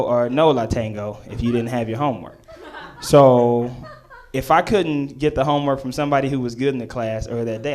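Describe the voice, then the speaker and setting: A young man doing live stand-up, telling a story, acting out voices and rising to near shouts. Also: medium pitch. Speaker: stand-up comedian.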